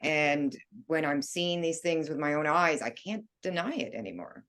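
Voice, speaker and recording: A woman's voice: sits low, moderate pace, fairly bright tone. A woman, a paranormal investigator, speaking in an earnest, plainspoken way in a casual interview. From Canada.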